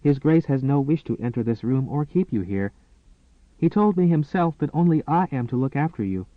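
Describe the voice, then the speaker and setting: A gentle young maid with a soft Irish brogue, speaking kindly and lifting her voice higher, as a man puts her on. The sound is thin and phone-like, with no room around it. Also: lively intonation, moderate pace, dry recording, close to an everyday voice. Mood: reassuring. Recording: tinny, phone-like and dry.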